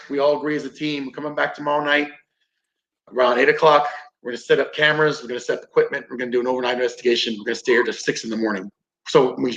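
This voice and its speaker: Here a podcast guest who teaches combatives tells a story in a relaxed way, cursing often and performing the quotes. His voice is medium-pitched and fairly bright, captured in roomy, dull lo-fi sound.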